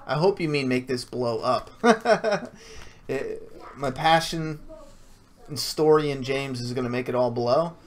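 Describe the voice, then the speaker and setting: A man's voice: medium pitch, measured pace. A man answering viewer questions in a casual stream, blunt and swearing freely, with frequent restarts. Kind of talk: casual Q&A livestream.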